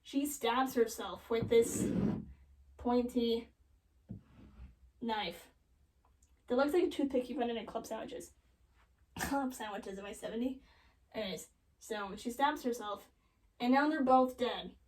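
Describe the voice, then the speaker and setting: Young woman, high voice, sarcastic, valley-girl casual, slightly distant mic. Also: unhurried, pauses often, a little mellow. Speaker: comedic storyteller. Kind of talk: joking retelling of a classic play.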